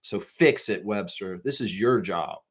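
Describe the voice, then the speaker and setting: A man's voice: lowish voice, measured pace, slightly rough. A middle-aged man hosting a live fan stream, ranting profanely and reading out chat messages.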